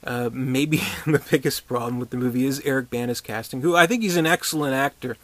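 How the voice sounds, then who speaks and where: A man's voice: medium pitch, brisk, a bit bright, no room sound. A man giving a casual, rambling movie review, sarcastic and profane, with many restarts and chuckling asides.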